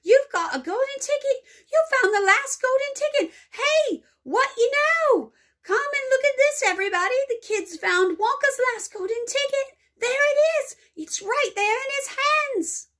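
A woman voicing an excitable fat male shopkeeper who screams and yells with joy. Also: very high-pitched, unhurried, hardly any pauses, pitched above the performer's own voice, exaggerated voice. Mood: ecstatic. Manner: shrieking, overjoyed yelling.

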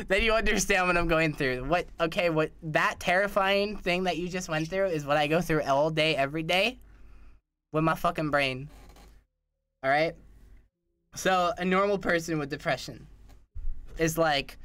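Young male streamer, rambling and profane, bright, slightly high voice. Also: moderate pace, clear, resonant tone. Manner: rambling, slangy, heavy swearing. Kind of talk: casual livestream chat.

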